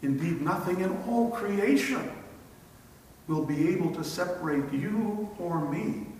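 A man preaching a sermon with slow, emphatic phrasing and long dramatic pauses. His voice sits somewhat high for a man. He is recorded from far off in a church, with a long, booming reverb. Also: expressive, darkish tone, a little hiss or hum. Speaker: pastor. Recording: echoey church hall from far off.

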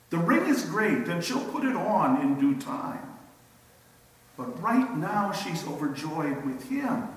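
A male preacher giving a sermon with slow, emphatic storytelling and rhetorical questions. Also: on the high side, a bit bright. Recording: echoey hall from a distance.

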